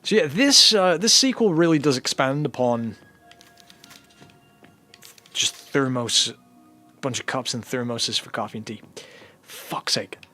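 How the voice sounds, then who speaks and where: A young man streaming a horror game, chatting in a relaxed, rambling way and often saying "you know". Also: medium pitch, a little slow, long pauses, soft background music. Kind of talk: casual let's-play chat.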